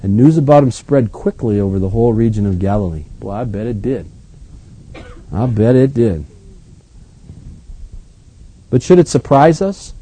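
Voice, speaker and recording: A man acting as pastor, reading scripture aloud and then commenting on it in a relaxed, conversational way. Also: mid-range voice, slightly rough, low-quality recording. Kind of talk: Bible reading with sermon commentary.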